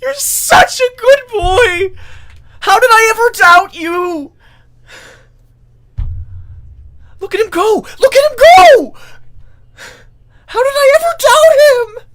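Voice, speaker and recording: A man voicing an overjoyed man who cheers on his swimming pet in shrill, gushing shouts. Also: animated, takes it slowly, heavily acted. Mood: elated.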